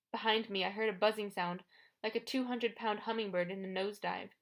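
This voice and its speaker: A woman reading a first-person adventure audiobook in a steady storytelling voice. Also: mid-range voice, brisk. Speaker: audiobook narrator.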